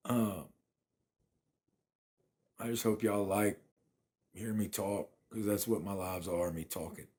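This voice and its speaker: A man's voice: lowish voice, steady tone, takes it slowly, long pauses, darkish tone, a little hiss or hum. A man, chatting casually on a phone livestream from his apartment and thanking viewers by name. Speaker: livestream host.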